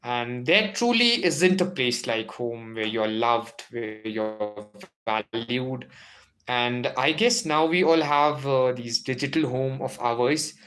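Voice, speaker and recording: A man's voice: mid-range voice, expressive, slow pace, fairly bright tone. A man with an Indian English accent teaching a live-streamed exam-prep literature lesson, enthusiastic and exclaiming as he quizzes his viewers.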